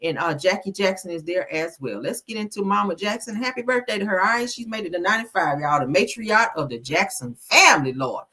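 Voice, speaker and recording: Woman, gossip livestream host, sassy, chatty, crisp bright voice. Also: medium pitch, expressive, brisk, hardly any pauses. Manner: sassy, chatty, calls viewers honey and child. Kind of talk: casual gossip commentary.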